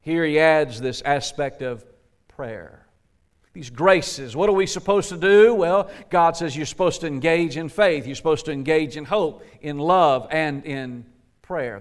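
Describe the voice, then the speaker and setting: A man pastor preaching a sermon, emphatic and folksy, pushing up on rhetorical questions and sinking soft at the ends of phrases. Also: a little high. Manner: folksy, says "gotta" and "ain't".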